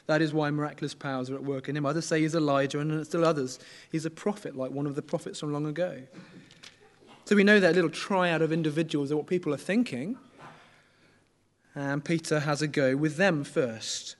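Middle-aged man, sermon, conversational, slightly high pitch. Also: fairly quick. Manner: conversational, asks the congregation questions. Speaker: preacher.

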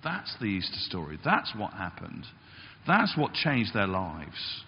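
A male pastor delivers a sermon with a lively, swooping delivery, sometimes acting out the voices he quotes. The sound is slightly dull and carries a long church reverb. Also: unhurried, slight background noise. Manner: animated, acts out quotes with big pitch jumps. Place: church hall.

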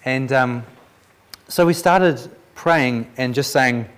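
A man with a mid-range, somewhat bright voice delivers a Christian testimony as a preacher at a slow pace. He narrates with animation, impersonates the voices in the story, and repeatedly restarts his sentences.

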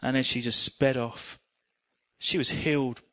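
A middle-aged man preaching a sermon, telling personal stories in an earnest, animated way. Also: medium pitch, measured pace.

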